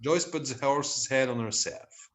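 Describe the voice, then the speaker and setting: A man reads out the stage directions in a plain, amused manner. His voice sits at a middle pitch. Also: unhurried. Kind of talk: reading stage directions aloud.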